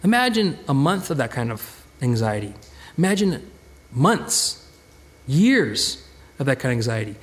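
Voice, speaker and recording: A man preaching a conversational sermon as pastor, chatty and animated, often restarting and repeating words. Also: mid-range voice, a little slow, long pauses.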